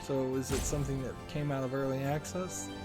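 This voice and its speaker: A man hosts a relaxed let's-play, wandering from thought to thought with plenty of fillers. His voice sits at an ordinary middle pitch. Game music runs clearly underneath. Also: brisk. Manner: rambling, thinking aloud with many fillers. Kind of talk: casual gaming commentary.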